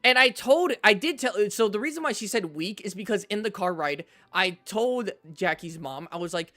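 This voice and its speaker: A man streaming, telling a personal story to his chat in a casual, animated way, often checking in with "right?". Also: high-pitched, fairly quick, hardly any pauses, soft background music. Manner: animated storyteller, repeats himself, says "right?" a lot.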